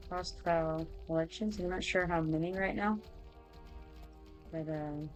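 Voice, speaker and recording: Low gravelly woman chatting through a game stream, kinda hesitant, soft game music behind. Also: a little slow, pauses often, poor audio. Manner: relaxed, hesitant with fillers, reading quest dialogue aloud. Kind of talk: casual live game commentary.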